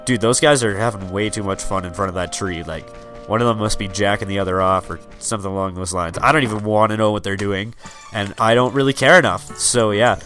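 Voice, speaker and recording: Rambling young let's player. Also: male voice, on the low side, fairly quick, fairly bright tone, faint music behind. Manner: rambling, joking, many fillers. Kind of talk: casual gameplay commentary.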